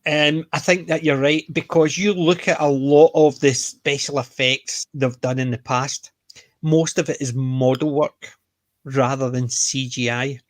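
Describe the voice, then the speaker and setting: A man with a Scottish accent, co-hosting a casual podcast chat and retelling scenes with lively energy. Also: medium pitch, measured pace, dry recording. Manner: chatty, animated retellings of scenes. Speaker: podcast co-host.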